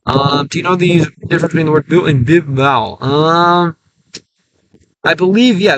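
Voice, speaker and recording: A man streaming a game, chatting casually and thinking aloud in a halting, self-correcting way. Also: a little high, a bit bright, no room sound, rough recording. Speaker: language-learning streamer. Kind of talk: casual livestream chat while gaming.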